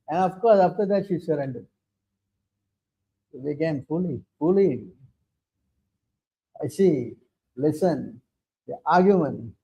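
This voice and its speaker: A man's voice: a little high, dark tone. A man giving a scripture class as a preacher, insistent and hammering points home, constantly asking his listeners questions and demanding they listen. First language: English. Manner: insistent, repeatedly demanding attention.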